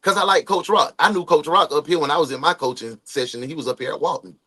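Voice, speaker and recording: A man's voice: a little high, fast talker, bright, forceful tone. A man in his forties hosting a casual livestream, greeting viewers by name and giving loose, slangy motivational talk. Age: 40s. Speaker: livestream host.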